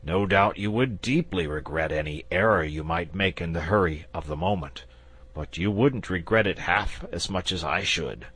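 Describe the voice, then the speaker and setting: A man's voice: deep voice, moderate pace, a bit bright. A man voicing a bored, coy, sociable male dragon, fussy and wry in manner.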